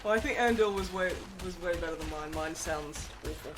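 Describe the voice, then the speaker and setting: A woman's voice: on the low side, a little fast. A woman co-hosting a charity livestream, chatting in a casual, self-deprecating way. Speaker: livestream co-host. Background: music.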